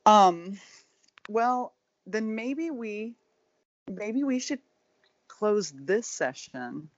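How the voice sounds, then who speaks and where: A Florida woman hosts a podcast in a mid-range voice with lively intonation, speaking extremely slowly. She chats effusively and casually, full of "like" and "you know," over a remote call. The sound is dull, dry, and lo-fi, with no room sound.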